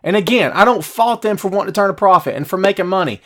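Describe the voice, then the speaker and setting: A man's voice: high-pitched, expressive, fast, fairly bright tone. A man hosting a casual podcast livestream, ranting bluntly and passionately while answering viewer comments. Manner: casual slangy talk with many repeats. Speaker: wrestling podcast host.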